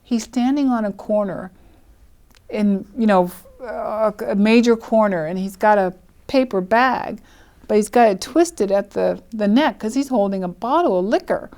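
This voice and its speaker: An older woman recounts her own life story. She tells it with energy, acts out what people said and laughs often. Her voice sits at a middle pitch. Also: moderate pace. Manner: lively storyteller who acts out quoted speech and laughs often.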